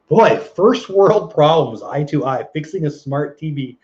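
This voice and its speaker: Reading viewer comments during a casual live chat, this middle-aged man laughs freely as he talks. His voice is a little high with a darkish tone, and the recording has a dull, lo-fi quality.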